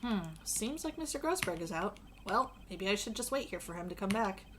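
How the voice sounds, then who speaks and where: A woman's voice: mid-range voice, expressive, fairly quick, fairly bright tone, slight background noise. A woman streaming a game, reading the dialogue aloud with joking, crude asides and a strained voice.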